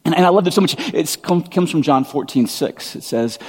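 A man preaching a sermon as a pastor, talking in a loose conversational way with many fillers, restarts and animated bursts. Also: on the high side, fairly quick, husky, in a large hall.

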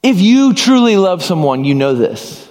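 High-voiced preacher in a echoing hall. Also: male voice, sing-song, moderate pace, a little mellow. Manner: earnest preaching, acting out little dialogues. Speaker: pastor. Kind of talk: sermon.

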